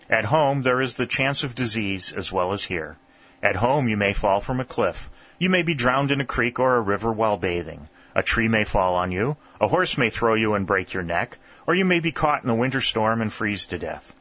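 A bookish young soldier, played by a man reading, lays out every thought in precise, formal words. The voice is low and measured. The recording sounds muffled and lo-fi. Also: lively intonation, fairly bright tone. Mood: precise, proud. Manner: precise, formal, pedantic diction.

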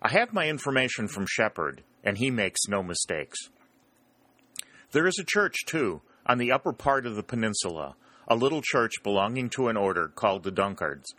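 A man's voice: lowish voice, big pitch swings, normal speed, sharp tone, dry recording, exaggerated voice. A man voicing an emphatic middle-aged Union colonel in a storybook reading. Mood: explaining. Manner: emphatic, exclaiming.

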